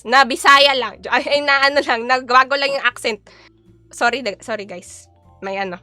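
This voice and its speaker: Filipino girl streaming, chatty n giggly, slightly high voice, dry close sound. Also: brisk, bright, forceful tone, dry recording, soft background music. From Philippines. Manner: chatty, giggly, switching between Tagalog and English. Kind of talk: casual live-stream chat.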